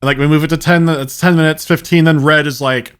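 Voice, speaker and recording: A man co-hosting a podcast, telling a school story in a relaxed, wry way. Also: fairly high pitch, fast, clear, resonant tone. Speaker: podcast co-host. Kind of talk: casual chat.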